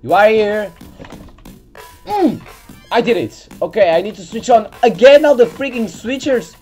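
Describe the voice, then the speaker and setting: A woman's voice: mid-range voice, moderate pace, mellow. A woman hosting a gaming video, giving let's-play commentary as she exasperatedly scolds her character and swears, close to a desk mic. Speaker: gaming channel host. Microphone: desk mic near keyboard. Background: faint game music.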